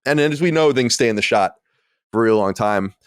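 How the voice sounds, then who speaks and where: A man's voice: medium pitch, animated, fairly quick, clean tone, dry recording, clean studio sound. A man in his late thirties or forties hosting a podcast, chatting in a casual, self-deprecating way. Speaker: podcast host. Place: home studio.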